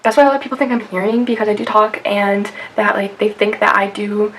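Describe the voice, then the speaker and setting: A woman's voice: mid-range voice, level tone, fairly quick, low-quality recording. Chatty young woman vlogger. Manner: chatty, many fillers and "like". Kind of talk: casual talk to camera. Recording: faint background noise.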